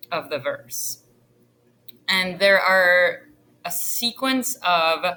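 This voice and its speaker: A woman teacher talks through a screen-recorded lesson at a slow, careful pace. Her voice is bright and clear, with a middle pitch. She pauses on fillers now and then, as if talking to her class. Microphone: computer screen recording.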